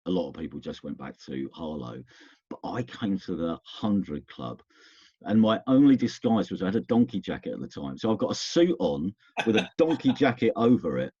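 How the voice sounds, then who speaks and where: Deep husky-voiced man reminiscing. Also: big pitch swings, moderate pace, a little mellow, dry recording, lo-fi sound. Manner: rambling, self-interrupting storyteller. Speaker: guest. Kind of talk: casual reminiscing conversation.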